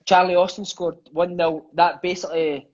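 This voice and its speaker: Scottish man, thirties, high voice, chatty and sweary raconteur, dull lo-fi recording. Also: normal speed. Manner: animated, swearing, peppers lines with "mate". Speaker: interview guest, former footballer. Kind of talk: casual storytelling chat. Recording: dull lo-fi sound.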